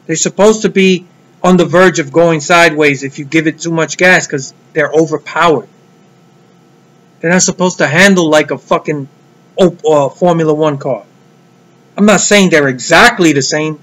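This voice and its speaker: A man's voice: a little high, moderate pace, a bit bright, low-quality recording. A man giving a heated, blunt solo rant about motor racing, swearing freely. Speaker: motorsport commentator vlogger.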